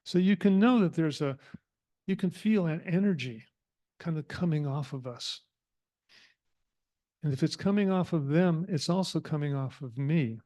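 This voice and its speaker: A man giving a reflective sermon to a spiritual community, speaking with thoughtful pauses. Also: on the high side, warm tone.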